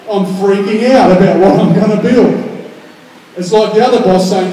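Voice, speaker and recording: A man preaching a sermon in a big, echoing church hall, picked up from a distance. His voice sits high for a man but sounds soft and mellow. He moves between hushed, personal moments and loud, pressing appeals. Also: fairly even intonation, normal speed, slight background noise. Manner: conversational preaching, swings from quiet and intimate to loud and emphatic. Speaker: pastor. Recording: echoey hall, from far off.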